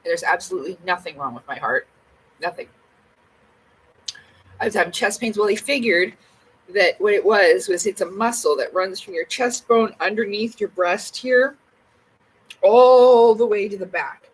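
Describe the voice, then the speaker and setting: A woman's voice: mid-range voice, moderate pace, long pauses, breathy edge, low-quality recording. A woman chatting casually to camera at home, blunt and rambling, with plenty of swearing. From Canada. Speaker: vlogger.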